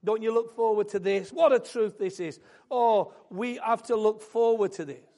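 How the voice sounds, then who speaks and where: A man preaching a sermon, building fervently into loud, emphatic declarations. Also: high voice, normal speed.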